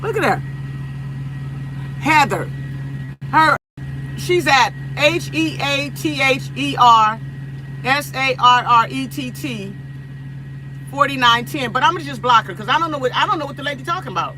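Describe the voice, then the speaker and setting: A woman's voice: high voice, normal speed, pauses often, noisy background. A woman from Los Angeles chatting casually with viewers on a phone livestream, repeating herself and laughing often. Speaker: livestream host.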